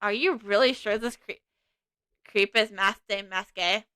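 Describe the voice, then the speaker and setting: A woman voicing a blunt, excitable young woman sidekick who keeps asking questions, in a fan reading of a video game. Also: medium pitch, moderate pace, clear, resonant tone, no room sound, voice pushed down, natural voice. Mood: puzzled.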